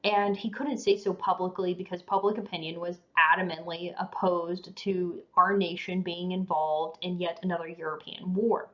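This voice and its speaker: A woman's voice: on the low side, little pitch movement, normal speed, few pauses. A woman giving a history lecture in a casual, conversational way, tired and yawning now and then. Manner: casual, conversational, says you know and um. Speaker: teacher. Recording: dull lo-fi recording.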